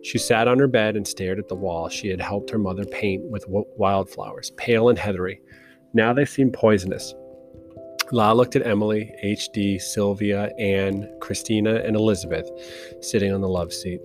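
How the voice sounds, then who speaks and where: A man reads a novel aloud as a narrator, in a slow, measured style. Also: on the low side, fairly even intonation. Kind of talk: audiobook narration. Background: soft guitar music.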